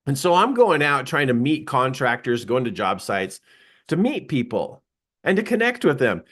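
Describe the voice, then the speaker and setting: During a live seminar, this man relates a personal story in a medium-pitched voice, neither fast nor slow. He laughs frequently and dramatizes the quoted lines with animation.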